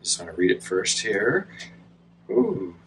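A man's voice: fairly low pitch, slow, creaky, recorded from a distance, a little hiss or hum, low-quality recording. A man filming a casual plant unboxing vlog at home, gushing and talking straight to the camera. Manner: excitable, gushing, talks to the camera. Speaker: plant vlogger.

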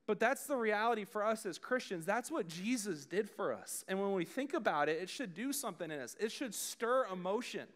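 A man's voice: sits high, expressive, a little fast, few pauses, a bit bright. A man preaching a youth sermon, talking conversationally and addressing the room directly. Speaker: youth pastor.

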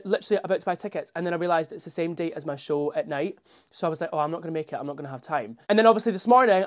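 With his voice sitting high, a male drag performer chats casually to the phone he's holding, excitable and peppering his talk with "literally" and "um."

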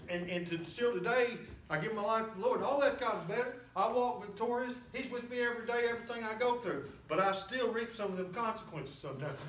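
A man preaching a sermon as a guest pastor, fiery and rising to shouts and whoops. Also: high voice, slight background noise. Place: church sanctuary. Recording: roomy church from far off.

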